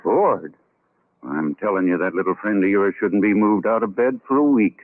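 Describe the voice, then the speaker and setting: A man playing a gruff, suspicious old country doctor. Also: on the low side, moderate pace, natural voice. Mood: stern. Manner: blunt, doubting, clipped. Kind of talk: 1940s radio acting. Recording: tinny old radio broadcast.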